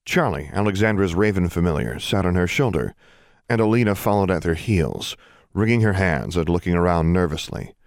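A man with a very low, deep voice narrates a fantasy audiobook. His reading is even and measured, and the recording is close and dry with no room sound. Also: no room sound. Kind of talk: scripted narration.

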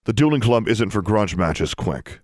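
A man's voice: fairly low pitch, animated, normal speed, darkish tone, no room sound, clean studio sound, close to an everyday voice. A man voicing a strict woman teacher in an audiobook, speaking in a curt, commanding way. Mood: stern.

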